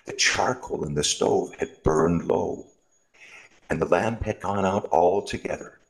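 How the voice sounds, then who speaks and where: Storybook reader, male, very low gravelly voice, slow and lively in pitch, for a Christmas service. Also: rough recording. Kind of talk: reading a Christmas story aloud.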